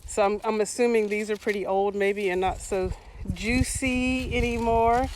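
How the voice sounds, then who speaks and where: A woman's voice: medium pitch, fairly even intonation, normal speed, a little mellow. Chatty woman touring a garden outdoors. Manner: chatty, laughing, talks to viewers in comments. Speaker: vlogger. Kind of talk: casual livestream garden tour. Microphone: phone held by hand. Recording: noisy outdoor phone recording with hiss. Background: water hose spraying.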